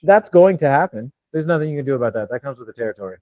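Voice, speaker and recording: A man's voice: mid-range voice, lively intonation, racing, no room sound. A man coaching callers in a live Q&A, talking bluntly and swearing freely. His voice comes through dull and lo-fi, and the sound is dry and close. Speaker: host and wholesaling coach.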